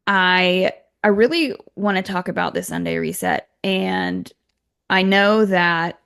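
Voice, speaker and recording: A woman's voice: on the low side, big pitch swings, slow, a bit bright, clean tone. A woman in her thirties hosting a podcast, talking in a hesitant, chatty way with repeated words. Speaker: podcast host. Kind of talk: casual interview chat.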